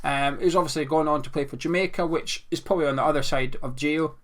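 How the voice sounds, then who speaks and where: A man's voice: on the high side, quick pace, fairly bright tone. Upbeat jokey male football host. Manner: playful, jokey, self-mocking. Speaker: fan channel host. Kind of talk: casual football chat.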